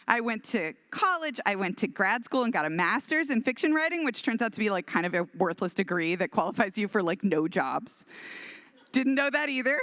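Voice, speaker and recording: A middle-aged woman from Houston, giving a storytelling keynote in an animated, self-deprecating way. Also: on the high side, dry recording. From Texas, Houston. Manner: animated, self-deprecating, acts out quoted voices. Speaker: keynote speaker, author.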